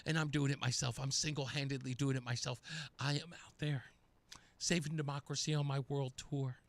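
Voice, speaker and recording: A man voicing an exhausted, self-pitying male senator in a low, breathy, half-whispered mocking parody. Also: fairly even intonation, fairly quick, close to an everyday voice. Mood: whiny mockery. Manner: mocking, whiny.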